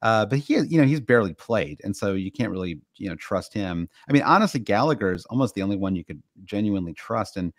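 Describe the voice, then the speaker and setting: A man with a Midwestern American accent talks in a casual podcast chat, rambling through fillers and restarts. His voice sits a little low. The sound is dry and close, with no room around it. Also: expressive, fast talker, few pauses, dry recording. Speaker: podcast co-host.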